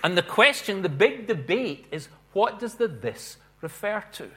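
A man preaching a sermon in an earnest way, swelling and slowing on stressed phrases. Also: high voice, very animated, a bit bright.

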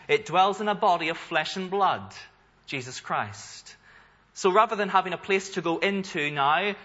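Earnest bright-toned male preacher. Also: mid-range voice, highs cut off. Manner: earnest, rises in force for emphasis, asks rhetorical questions. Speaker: pastor. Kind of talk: sermon.

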